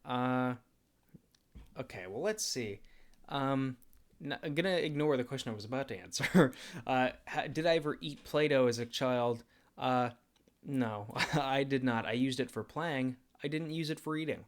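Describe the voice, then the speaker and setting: A man in his twenties hosting a casual livestream Q&A. He rambles in a self-deprecating way, with many fillers and quick laughs. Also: medium pitch. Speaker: channel host.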